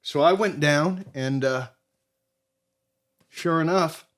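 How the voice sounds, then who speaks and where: A middle-aged man from Maine, a podcast guest telling a casual hunting story in an animated way and acting out what people said. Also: a little high, takes it slowly. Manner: animated storyteller who acts out quotes.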